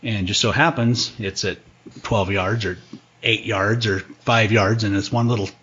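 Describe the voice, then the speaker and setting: A man talking casually as a guest hunting expert on a podcast, animated and fond of acting out what the animals would say. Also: fairly low pitch, normal speed, husky, dull audio.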